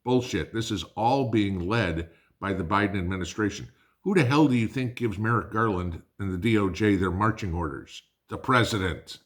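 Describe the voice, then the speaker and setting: A man hosting a prepping channel, delivering an angry, blunt political rant to his viewers, swearing and calling them guys. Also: deep voice.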